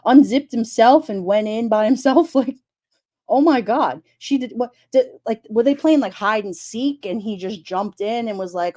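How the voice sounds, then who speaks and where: A woman chatting casually on a live stream, animated and incredulous, often exclaiming. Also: a little high, measured pace. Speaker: streamer talking true crime.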